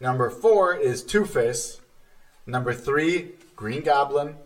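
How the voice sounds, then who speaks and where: A man's voice: mid-range voice, animated, slow, recorded from a distance, rough recording. A man co-hosting a casual podcast, joking and swearing while he counts down a list. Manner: profane, joking, interrupts. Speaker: podcast co-host.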